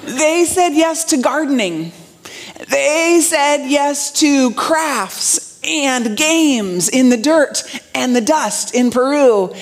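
Chatty woman preaching a sermon, higher voice. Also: animated, slow pace. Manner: warm, chatty, addresses the congregation directly. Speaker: pastor.

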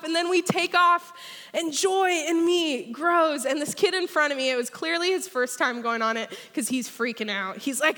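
A woman delivers an energetic, story-driven sermon to a church crowd. Her voice sits high and bright. A long reverb from the large hall trails after her words. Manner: energetic, storytelling, leads the crowd in a pretend ride. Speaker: speaker at church.

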